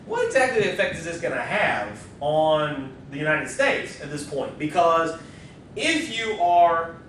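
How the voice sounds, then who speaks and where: A male history professor lecturing in a relaxed, chatty way, his voice a little high for a man. He is picked up from a distance in a very echoey lecture hall, with a faint low rumble underneath. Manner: casual and conversational, with quick asides. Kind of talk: university lecture.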